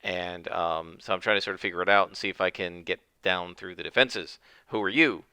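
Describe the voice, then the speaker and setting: A man's voice: deep voice, fairly quick, bright, forceful tone, smooth, dry recording. A man voicing a friendly, graceful male scout pilot, chatty and eager with hesitant fillers.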